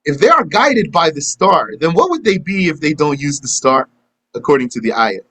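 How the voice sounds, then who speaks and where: Here the same kind of live lesson unfolds: a male Islamic teacher answers questions and plays out invented dialogues in a casual way. His voice is slightly high and husky, fairly bright, with big swings in pitch at a normal speed, captured on poor audio.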